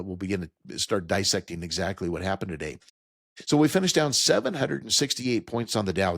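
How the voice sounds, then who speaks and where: A man's voice: lowish voice, dry recording, studio quality. Emphatic man hosting financial talk radio. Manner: emphatic, explains numbers plainly to listeners. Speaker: radio talk show host. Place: radio studio.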